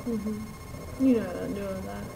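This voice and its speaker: A woman's voice: medium pitch, fairly even intonation, a little slow, vocal fry, background noise. Dry-witted young woman vlogger. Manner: dry, wry comebacks. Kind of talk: casual chat.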